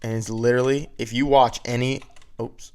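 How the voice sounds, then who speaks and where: A man's voice: medium pitch, flat delivery, moderate pace, a little mellow, smooth. A man teaching video editing in a casual, step-by-step way, often checking in with "right?". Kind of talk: screen-recorded editing tutorial.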